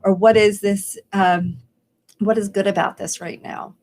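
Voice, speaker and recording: A woman's voice: medium pitch, fairly even intonation, unhurried, darkish tone. A woman life coach talking on a live stream, encouraging and rambling a little, acting out the questions she wants viewers to ask themselves. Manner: encouraging, rambling with restarts and quoted self-questions. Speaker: life coach hosting a daily challenge.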